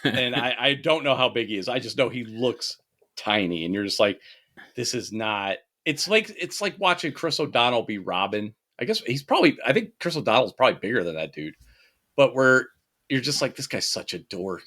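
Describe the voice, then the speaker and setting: A man's voice: medium pitch, big pitch swings, fairly quick, bright, forceful tone. A man co-hosting a podcast, talking animatedly in casual chat, ranting and swearing freely. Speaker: podcast co-host.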